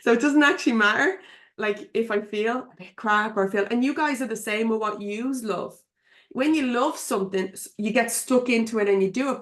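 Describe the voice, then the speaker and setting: Chatty Irish woman coaching on webinar. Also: a little high. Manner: chatty and frank, laughs often, slangy and swears. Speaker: business coach. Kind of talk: live webinar coaching talk. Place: home office at her computer.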